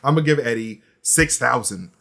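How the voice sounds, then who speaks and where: A man hosting a casual panel chat, animated and playful, often jumping into high bursts. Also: normal speed, gravelly. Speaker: show host.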